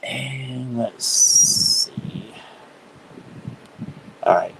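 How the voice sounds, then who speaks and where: A man's voice: lowish voice, extremely slow, pauses often, noisy background. Chatty man hosting a tarot live stream. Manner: chatty and upbeat, laughs often while talking; talks directly to viewers by name. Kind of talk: casual live-stream chat and card reading.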